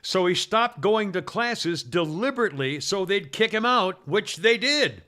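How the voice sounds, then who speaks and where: A man's voice: high voice, expressive, a little slow, sharp tone. A man hosting a talk radio show, reading this-day-in-history items in a rambling way, full of uhs and restarts.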